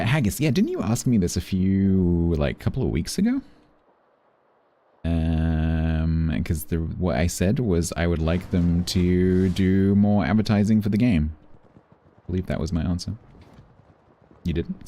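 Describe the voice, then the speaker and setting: Deep-voiced man chatting on a stream. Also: measured pace, dark tone. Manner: chatty, thanks viewers between play remarks. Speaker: game streamer. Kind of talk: casual live-stream chat.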